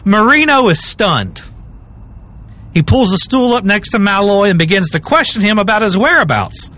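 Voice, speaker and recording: Lively, bright-voiced male podcast host. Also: high voice, normal speed. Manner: animated, repeats words when starting a sentence. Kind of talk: casual storytelling chat.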